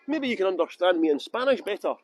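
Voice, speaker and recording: A man's voice: high voice, animated, fast talker, a little hiss or hum, poor audio. A man with a Scottish accent from Edinburgh, guiding a live-streamed walking tour outdoors on city streets and talking in a jokey, self-mocking, chatty way into a handheld phone. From Scotland.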